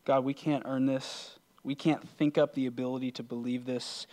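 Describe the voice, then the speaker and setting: Flat-voiced male pastor in prayer. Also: medium pitch, moderate pace. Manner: earnest, quietening into prayer. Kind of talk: sermon closing prayer.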